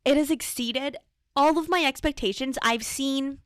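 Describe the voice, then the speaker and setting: A woman's voice: sits high, normal speed, dry recording, clean studio sound. A young adult woman co-hosting a podcast in casual chat, teasing, enthusiastic and blunt. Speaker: co-host.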